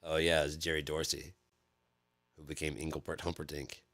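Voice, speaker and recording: A man's voice: a bass voice, flat delivery, moderate pace, fairly bright tone, dry recording. A man chatting casually as the host of his channel, rambling, swearing often and repeating himself. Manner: profane, rambling, lots of fillers and repeats.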